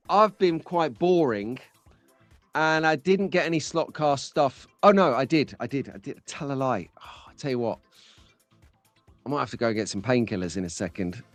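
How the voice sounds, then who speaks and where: A man's voice: fairly high pitch, dry recording. A man hosting a casual live stream, chatty and jokey, talking to viewers by name.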